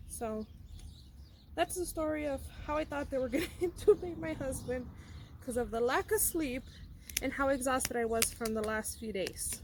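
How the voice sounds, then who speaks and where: A woman's voice: high voice, moderate pace, pauses often, a little hiss or hum. A young woman vlogger telling a personal story in a casual, rambling way with many fillers and restarts.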